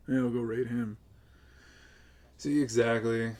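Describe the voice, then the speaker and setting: A man streaming live, ranting with lots of swearing, upset and close to tears, swinging between loud outbursts and low mutters. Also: fairly even intonation, moderate pace, long pauses. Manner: profane, agitated, swings between yelling and muttering. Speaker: livestreamer.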